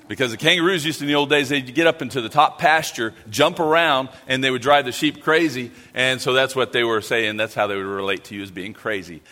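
A man's voice: medium pitch, brisk, hardly any pauses, bright, forceful tone. A middle-aged man giving a light-hearted church mission talk as a missionary, joking with the congregation. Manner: joking, playful with the audience. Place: church sanctuary. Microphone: handheld or stand mic. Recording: echoey church hall.

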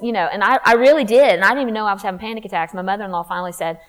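A woman telling her faith testimony in a candid, animated way, acting out what people said. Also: mid-range voice, very fast, few pauses, rough recording. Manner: candid, animated, acts out quotes. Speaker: speaker sharing testimony.

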